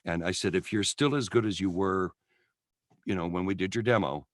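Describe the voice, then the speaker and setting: A middle-aged man co-hosting a casual chat, an animated storyteller who acts out the people he quotes. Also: low voice, brisk, no room sound, clean studio sound. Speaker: podcast co-host, voiceover coach.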